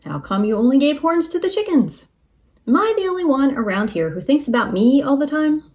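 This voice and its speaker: A woman's voice: high-pitched, sing-song, normal speed, darkish tone, voice pushed up. A woman voicing a cocky, self-centered male rooster in a storybook, bossy and complaining. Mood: grumbling, bossy.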